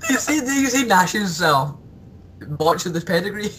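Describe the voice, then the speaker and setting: A man co-hosting a casual podcast, animated, laughing often and mimicking announcers. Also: sits high, normal speed, slight background noise. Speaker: podcast co-host. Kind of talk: casual chat.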